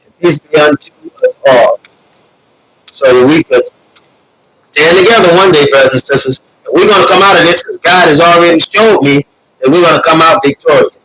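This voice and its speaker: A man's voice: fairly high pitch, moderate pace, long pauses, a bit bright, slightly rough, no echo, poor audio. A man hosting a live stream, reading viewer comments and addressing his audience in an earnest, repetitive, preacher-like cadence with many fillers; he is emotional. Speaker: host of a streaming show.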